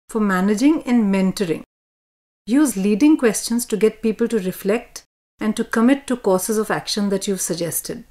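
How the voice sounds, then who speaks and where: A woman from India reading a scripted educational lesson on communication in a measured, instructive way. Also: mid-range voice, a little mellow. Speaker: lesson narrator.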